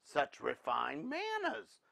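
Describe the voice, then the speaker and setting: A prim pioneer mother who frets about propriety, as a man reads her aloud. The voice stays husky and gravelly, slow and unhurried, in a dry close sound. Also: on the high side, wildly swooping pitch, sharp tone, no echo, voice pushed up, heavily acted. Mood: hushed. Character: proper worried pioneer mother.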